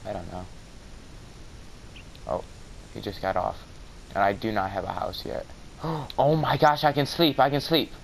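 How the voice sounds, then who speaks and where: A young man casually commentating his own game, mumbling to himself and then bursting out in excitement. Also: on the low side, a little slow, creaky, pauses often, slight background noise, poor audio. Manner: excitable, swings from mumbling to yelling. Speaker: gamer. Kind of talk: casual let's-play commentary. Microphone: cheap mic with white noise.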